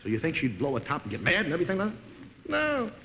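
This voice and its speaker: Exasperated man, comic monologue, high lively voice, hiss and hall echo of an old TV broadcast. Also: quick pace. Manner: exasperated, animated storytelling with big pitch swings. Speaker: comedian. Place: television studio stage. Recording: 1950s television broadcast, hall reverb, noisy.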